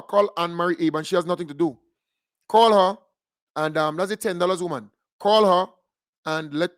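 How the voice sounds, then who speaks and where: A man with a Grenadian accent rants through political commentary on the radio, fiery and mocking, picking fights as he goes. His voice sits notably high, and the sound is close and completely dry, with no room around it. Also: no echo. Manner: fiery, mocking and combative rant.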